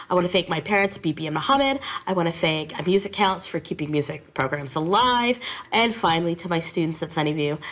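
A lower-pitched woman, a music teacher, talks in an animated, chatty way in a radio interview. Her stories come out quick and lively, with many asides.

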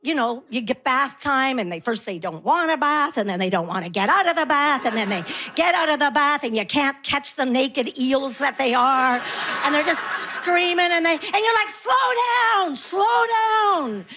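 A woman's voice: high-pitched, lively intonation, moderate pace, bright, forceful tone, a little hiss or hum. A middle-aged woman performing a stand-up comedy routine, telling stories about motherhood and acting out her kids and herself in voices.

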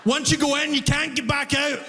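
High-voiced male comic on stage. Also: a little fast, long reverb tail, background noise. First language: not English. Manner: animated storyteller, breaks into laughter. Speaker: stand-up comedian. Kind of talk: stand-up comedy routine.

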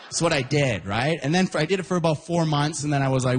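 A man from Canada performing a stand-up comedy set, telling a story with animated delivery and shouted quoted voices. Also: a little high, fast, slight background noise.

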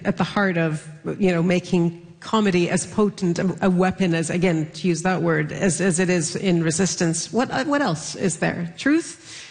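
A woman's voice: on the low side, normal speed, darkish tone. A woman moderating a panel who asks thoughtful questions with some hesitation. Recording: reverberant hall.

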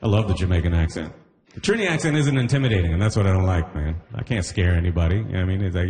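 Stand-up comic, man from the Caribbean, deep voice, casual rambling delivery with constant check-ins to the crowd. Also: lively intonation, fast. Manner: conversational, peppered with "you know what I mean". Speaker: stand-up comedian. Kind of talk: stand-up comedy set.

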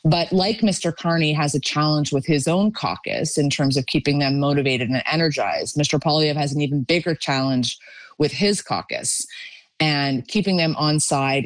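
A woman's voice: deep voice, moderate pace, no echo. A woman on a political panel, offering thoughtful, reflective commentary.

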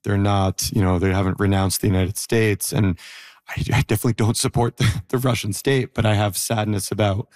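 A man in his thirties, an interview guest, talking reflectively with many pauses and fillers. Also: lowish voice, little pitch movement, a little mellow, dry recording, studio quality. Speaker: interview guest, former prisoner. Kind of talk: conversational interview.

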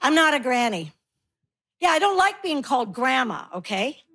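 A woman's voice: high-pitched, very animated, moderate pace, heavy background noise. A woman, doing a wry, self-mocking stand-up comedy set. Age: 60s. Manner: wry, self-mocking, punchy delivery with put-on voices.

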